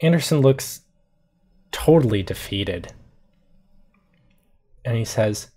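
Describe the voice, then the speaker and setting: Guy running a tabletop game, slow dramatic narration, kinda husky. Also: medium pitch, animated. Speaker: game master.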